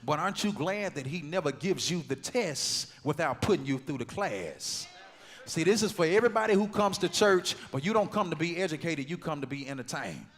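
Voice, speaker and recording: A man preaching a sermon, dropping to quiet talk and then building to loud, rhythmic shouts. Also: expressive, brisk. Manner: call-and-response preaching, swings from low talk to loud shouting. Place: large church sanctuary. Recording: long hall reverb in church.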